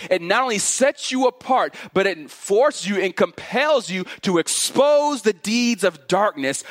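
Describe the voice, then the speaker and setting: A male pastor preaches an expository sermon earnestly, piling up repeated phrases to build each point. When he gives warnings, his voice drops low and quiet.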